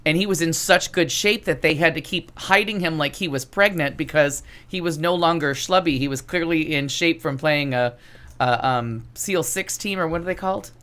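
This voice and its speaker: A woman's voice: deep voice, normal speed, fairly bright tone. A woman chatting on a podcast, telling rambling stories and presenting an entertainment news segment. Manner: rambling, chatty, self-interrupting. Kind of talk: casual podcast chat.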